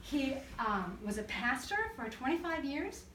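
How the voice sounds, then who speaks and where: A woman counselor speaks to a church group, telling lively stories and acting out the voices of the people in them. Her voice sits a little high. She was recorded from a distance in an echoey room with faint background noise. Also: a little slow. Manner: animated storyteller, acts out voices and laughs often. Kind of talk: church talk to a live group.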